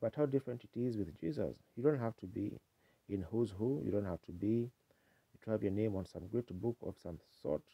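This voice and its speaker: A man's voice: on the low side, fairly quick, vocal fry, husky, no room sound. A man preaching a sermon in a folksy, earnest storytelling manner, on a dull 1950s tape.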